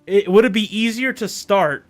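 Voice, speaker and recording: A man's voice: sits high, moderate pace, faint music behind. A man from Europe streaming a game with casual, joking commentary, rambling and often laughing.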